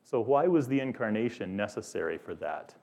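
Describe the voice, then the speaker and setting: A man's voice: fairly low pitch, lively intonation, brisk, darkish tone. A male pastor preaching an earnest sermon, posing questions to his listeners.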